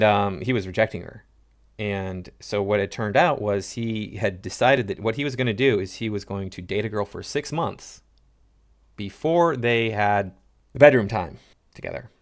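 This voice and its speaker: A man hosting a reaction commentary, lecturing in an indignant tone. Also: lowish voice. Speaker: commentary host.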